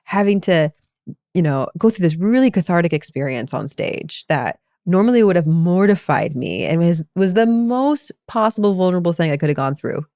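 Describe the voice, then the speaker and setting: A woman's voice: on the low side, expressive, moderate pace, dark tone, no room sound, clean studio sound. A woman co-hosting a podcast as a meditation coach, telling a personal story in a reflective, casual way.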